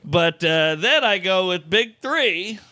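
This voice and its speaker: A man's voice: high-pitched, slow, dry recording. A male comedian telling a story on a podcast, acting out the people in it. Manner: animated storyteller acting out quoted voices.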